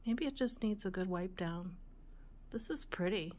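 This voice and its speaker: A woman hosting a vintage jewelry video, musing aloud in a soft, relaxed voice and sometimes dropping to a whisper. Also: on the low side, a little hiss or hum. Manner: slow, soft-spoken, musing aloud, often drops to a whisper. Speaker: vintage jewelry channel host. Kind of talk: casual show-and-tell of jewelry.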